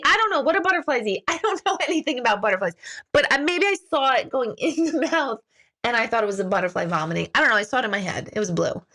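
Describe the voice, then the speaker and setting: Giggly woman host, somewhat high voice, casual self-mocking live-stream chat with viewers. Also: fairly bright tone. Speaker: intuitive reader hosting a live stream.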